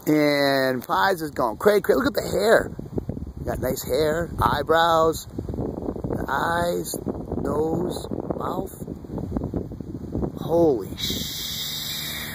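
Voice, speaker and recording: An excitable man rambles on about what he sees, talking about himself by his nickname. His voice sits a little high, and wind roars loudly across the phone mic outdoors. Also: slow pace. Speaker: vlogger. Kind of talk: excited off-the-cuff vlog commentary. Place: outdoors under an open sky.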